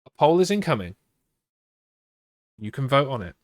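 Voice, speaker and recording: A man's voice: mid-range voice, sing-song, normal speed, dry recording, studio quality. A man streaming a spooky choose-your-path story, teasing his chat playfully and mocking himself. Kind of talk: live-streamed interactive story reading with chat banter.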